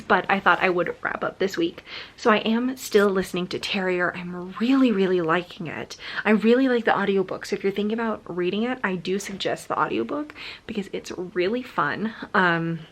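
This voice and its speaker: A woman's voice: medium pitch, moderate pace. A young woman chatting casually in a home vlog about books, gushing and full of "like" fillers. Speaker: book vlogger.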